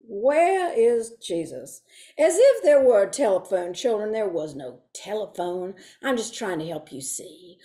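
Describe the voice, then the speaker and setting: A woman putting on a prim older Sunday school teacher, fussy and proper, lecturing in a high, swooping voice. She takes her time, letting each word land. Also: dark tone. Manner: lilting, prim, stagey digressions. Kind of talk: comic monologue performance.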